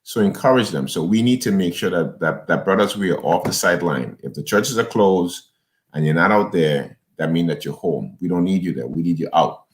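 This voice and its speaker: A man's voice: low voice, expressive, a little fast. A man, a pastor, talking in an interview in a preacherly, urging way, often repeating and restarting words. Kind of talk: conversational interview, exhorting.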